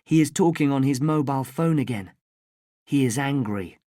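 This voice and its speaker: A woman reading a first-person children's story aloud, clearly and carefully, for language learners. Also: rumbling low, normal speed, warm tone, no room sound, clean studio sound. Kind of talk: slow graded-reader story narration.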